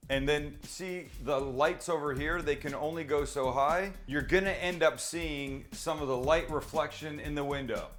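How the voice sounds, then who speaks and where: A man's voice: mid-range voice, a bit bright. Chatty man hosting a home cooking show. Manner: chatty, teasing, answers his own questions. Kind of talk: casual cooking demonstration. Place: home kitchen with low ceilings. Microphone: handheld mic held close at times.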